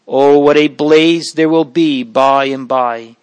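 A man reading a dying old man's hushed prayers. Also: fairly high pitch, fairly even intonation, clean tone, no room sound. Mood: pleading. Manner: slow, hushed, fervent pleading. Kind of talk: reading aloud from an old memoir.

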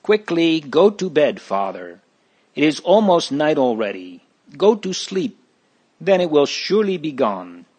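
Male reader playing an anxious mother with her children; higher, urgent, soothing storybook voice. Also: big pitch swings, unhurried, a little mellow, slightly rough, exaggerated voice. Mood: coaxing. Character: worried mother and children, coaxing.

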